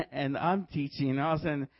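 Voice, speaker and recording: A man preaching a sermon, telling stories in a lively way and laughing often as he goes. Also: fairly high pitch, brisk, slightly rough, no echo, highs cut off. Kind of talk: sermon with storytelling.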